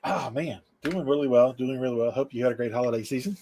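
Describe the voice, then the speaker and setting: A man's voice: medium pitch, fast. A man who makes indie comics, chatting as a guest in an easygoing way with many fillers. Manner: easygoing, filler-heavy, relaxed. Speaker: indie comic book creator. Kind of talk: casual chat as guest.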